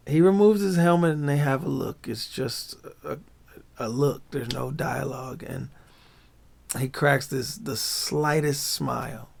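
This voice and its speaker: Slow, gravelly man recapping a show. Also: mid-range voice. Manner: animated, slangy, laughs often. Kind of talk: casual episode breakdown.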